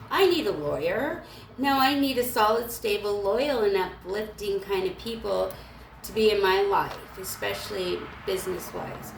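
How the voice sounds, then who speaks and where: Gravelly woman rambling in an echoey room. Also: mid-range voice, far from the mic, slight background noise. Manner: rambling, emotional, irritated, halting restarts. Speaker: vlogger. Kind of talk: rambling spiritual monologue. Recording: echoey room with faint ambience.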